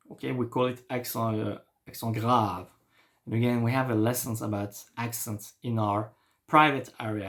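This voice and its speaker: A man with a French accent, a native French speaker, teaching a beginner French lesson online and talking patiently while he writes. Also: medium pitch. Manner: slow, patient, thinking aloud while writing.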